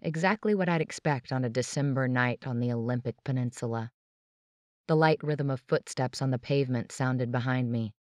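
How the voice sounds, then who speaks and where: A woman's voice: very deep voice, moderate pace, a little mellow, no room sound, studio quality. A woman narrating a tense, dramatic first-person audiobook.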